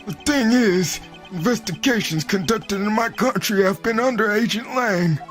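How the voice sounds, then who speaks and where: A woman's voice: medium pitch, moderate pace, faint music behind, pitched above the performer's own voice, natural voice. A woman voicing a meek, apologetic male ambassador in a game, speaking formally and sing-song.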